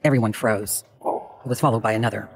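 A man narrating a true crime drama in a measured, dramatic storytelling manner. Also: lowish voice, fairly even intonation, gravelly, background noise.

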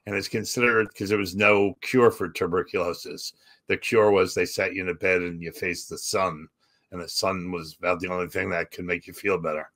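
A man talks in a low-pitched voice with a bright, forceful edge. He is a comedian guest on a podcast, telling stories animatedly and acting out other people's lines as he goes. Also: fairly even intonation, a little fast. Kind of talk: storytelling in a podcast chat.

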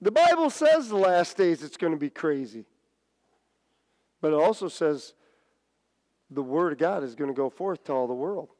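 A middle-aged man preaching a sermon, telling a story with stammers and restarts and big swings in pitch. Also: big pitch swings, moderate pace, long pauses, a little mellow. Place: church sanctuary. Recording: church hall reverb.

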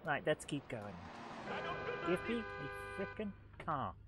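A man's voice: on the high side, big pitch swings, slow. A man hosting a live game playthrough, joking and humming to himself as he plays. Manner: jokey, sings and hums to himself. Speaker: let's play host. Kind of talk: live gameplay commentary. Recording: loud game noise and sirens behind. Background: video game sounds, sirens.

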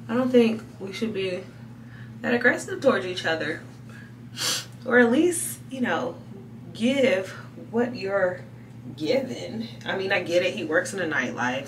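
A woman vlogging at home at night, telling a story to the camera in an animated way and laughing between lines. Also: lowish voice, distant mic, noisy background. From Atlanta, USA. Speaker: lifestyle vlogger. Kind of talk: casual story time to camera. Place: home room at night, getting ready for bed. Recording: echoey room, voice a bit off-mic.

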